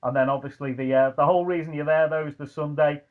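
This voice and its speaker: Scouse guest, casual anecdote-teller, slightly high, tinny call audio. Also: male voice, fast. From Liverpool, England. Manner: animated anecdotes with frequent fillers and shouted impressions. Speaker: guest, ring announcer. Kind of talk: casual chat, storytelling. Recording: tinny phone-like line.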